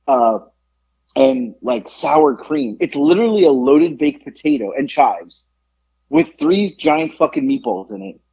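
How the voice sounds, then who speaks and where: A man co-hosting a podcast in casual chat, telling a story with lively acted-out quotes and free swearing. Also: on the high side, slightly rough, highs cut off. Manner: animated storyteller, acts out quotes, swears freely. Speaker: podcast co-host.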